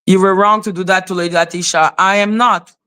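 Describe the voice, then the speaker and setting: Bright-voiced woman scolding her live chat. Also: medium pitch, fairly even intonation, brisk, clean tone. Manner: confrontational, scolding viewers in chat. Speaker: livestream host. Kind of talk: live stream talk answering chat.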